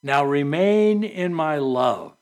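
A man preaching a sermon as pastor, reading scripture and adding earnest, conversational asides with soft laughs. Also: on the high side, animated, slow.

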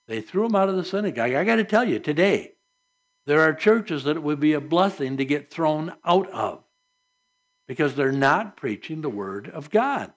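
A man preaching a sermon to his congregation, his voice sitting a little high. He talks in an earnest, conversational way and leans on rhetorical questions to draw people in. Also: sing-song, normal speed. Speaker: pastor.

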